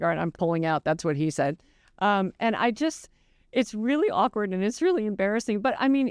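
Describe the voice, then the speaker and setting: A woman's voice: medium pitch, clean tone, no room sound, studio quality. An older woman author talking candidly and animatedly in a casual interview, swearing freely and laughing at herself. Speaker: novelist guest.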